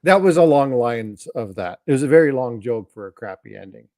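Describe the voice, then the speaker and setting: A man's voice: fairly quick, no echo. Dry-voiced man telling jokes. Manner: animated joke-telling, jumps high when quoting. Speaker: co-host of a livestream chat. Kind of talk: casual chat, telling jokes.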